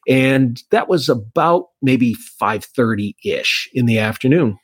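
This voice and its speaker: A man's voice: medium pitch, animated, takes it slowly, breathy edge, dry recording. A man who works as an insurance agent, telling a long personal story in a casual, rambling way with frequent restarts. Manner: anecdotal, many restarts.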